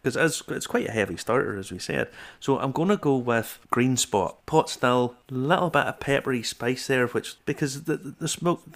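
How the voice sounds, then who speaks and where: A man in the host's seat who talks eagerly and thinks out loud, with plenty of small restarts. His pitch and tone sit in an ordinary middle range. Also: animated, normal speed. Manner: enthusiastic, talks through his reasoning aloud. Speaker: whiskey show host. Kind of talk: casual chat about whiskey pairing.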